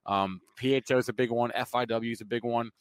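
A man with a New Jersey accent co-hosting a market show, rushing through his points and stumbling over repeated words. The sound is dry and close, with no room around it. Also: mid-range voice, steady tone, clean tone, no room sound. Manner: quick, stumbling restarts. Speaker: co-host. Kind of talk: fast casual market talk.

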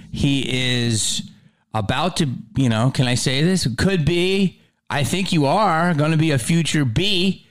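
A man hosting a podcast, chatting casually and telling stories with an excitable, joking manner. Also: on the high side, unhurried. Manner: excitable, joking, animated storytelling. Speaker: podcast host. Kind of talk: casual interview chat.

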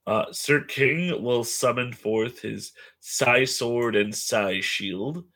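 Male player, gravelly voice, hesitant and descriptive, tabletop game chat. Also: fairly low pitch, pushed and bright. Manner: descriptive, hesitant with many fillers.

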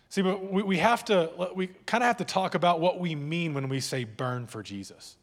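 A man preaching in church, his speaking voice sitting a bit higher than most men's. He talks in a loose, conversational way, often restarting phrases and teasing the congregation. The sound rings with the long reverb of a big room. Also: normal speed, few pauses. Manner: conversational preaching with repeated words and audience jokes. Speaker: pastor. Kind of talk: sermon. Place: church hall.

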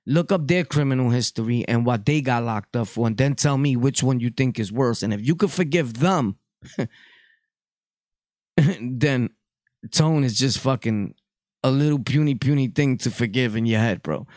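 A man's voice: medium pitch, normal speed, no echo, studio quality. A Puerto Rican man hosting a podcast, delivering a blunt, profane casual monologue. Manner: blunt, profane street talk. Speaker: podcast host.

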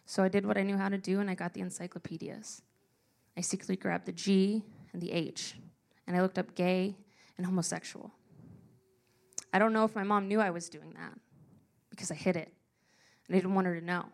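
A young woman telling a personal story to a live audience, earnest and emotional, slowing down for emphasis. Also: mid-range voice, fairly even intonation, gravelly. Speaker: speaker sharing a personal story.

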